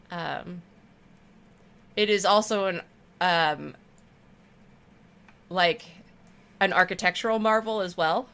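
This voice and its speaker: A woman streamer who rambles warmly through casual chat as she games. Her voice is bright and forward, sitting a little low for a woman. She talks to her viewers with easy affection. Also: slow pace, long pauses. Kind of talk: casual chat while gaming.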